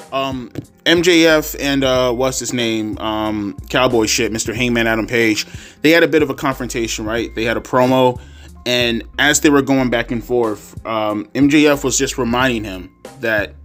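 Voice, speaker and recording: A man's voice: mid-range voice, measured pace, a bit bright. Profane ranting man, music behind. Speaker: wrestling commentary vlogger. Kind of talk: profane rant.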